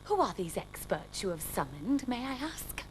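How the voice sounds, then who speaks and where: A woman playing a prim, anxious gentleman. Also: high voice, expressive, moderate pace, slight background noise, voice pushed up, low-quality recording. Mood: fretful. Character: anxious, polite, fussy gentleman.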